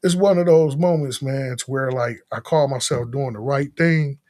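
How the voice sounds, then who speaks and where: A man talking as a guest in a casual conversation, rambling in a relaxed way and often asking "you know what I'm saying". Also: mid-range voice, moderate pace.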